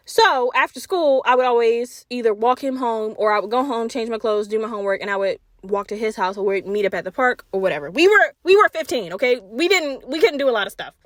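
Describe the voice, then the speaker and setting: A woman hosting a podcast, telling a personal story in a casual, animated way, swearing freely and acting out her own quotes. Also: on the high side, dry recording, studio quality. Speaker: podcast host.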